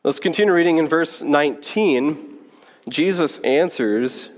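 A pastor preaching a sermon, teaching through a Bible passage in a conversational way and checking in with the listeners. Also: male voice, fairly high pitch, a little slow. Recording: long hall reverb.

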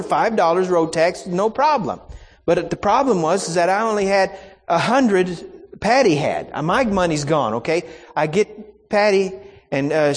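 A man's voice: sits high, in a large hall. A man preaching a sermon, telling a personal story in a folksy, anecdotal way and acting out the exchanges.

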